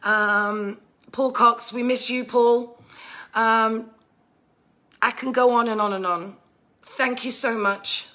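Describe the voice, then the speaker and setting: A woman with a bright, forceful voice speaks into a phone on a live stream. She gushes thanks to her viewers, full of ums, and sounds emotional. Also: fairly high pitch, steady tone, slow pace, long pauses. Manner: gushing, warm thanks with many fillers. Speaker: bar owner hosting a live stream.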